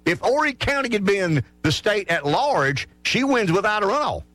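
A man, hosting a talk radio show and making his point with animated restarts and repeated words. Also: high-pitched, moderate pace, no echo, soft background music. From South Carolina. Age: 60s.

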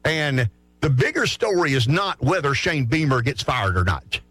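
A middle-aged man from South Carolina hosting opinionated sports talk radio, blunt and animated, often stammering and restarting his words. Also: medium pitch, normal speed, slightly rough, no room sound, soft background music. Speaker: radio talk show host.

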